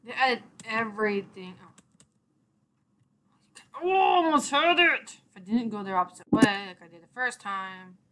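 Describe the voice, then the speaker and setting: A woman's voice: medium pitch, fairly even intonation, a little fast. A young woman giving casual gameplay commentary, rambling and exasperated, swearing mildly at the game. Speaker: let's play gamer.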